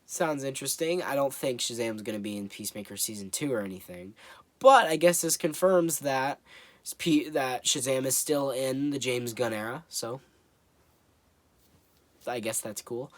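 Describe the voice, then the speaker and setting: A man's voice: medium pitch, no echo. A man giving a casual spoken movie review, rambling and hesitant with lots of fillers.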